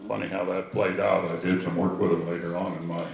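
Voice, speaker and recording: Older man, low gravelly voice, anecdotal storyteller heard from afar in a roomy space. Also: flat delivery, fairly quick, a little hiss or hum. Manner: rambling anecdotal storytelling with asides. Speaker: speaker telling family history. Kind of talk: storytelling talk to a gathering. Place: outdoor history event with audience. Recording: echoey, distant from the mic.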